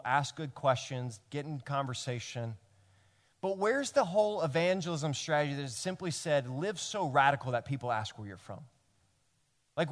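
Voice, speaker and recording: A man from Tennessee with a Southern accent, preaching a sermon as pastor, earnest and animated, building to emphatic peaks. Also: fairly high pitch, big-room sound. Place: church sanctuary.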